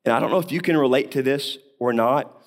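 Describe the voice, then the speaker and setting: A man's voice: mid-range voice, a little fast. A man preaching a sermon, talking through a Bible passage in a conversational way with rhetorical questions, coughing now and then. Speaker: pastor.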